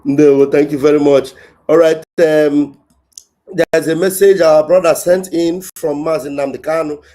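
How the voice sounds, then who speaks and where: A man's voice: a little high, fairly even intonation, normal speed, dark tone. A man hosting a call-in show, chatting casually, laughing often and humming along as callers speak. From Nigeria. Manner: laughs often, short backchannel hums. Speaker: host.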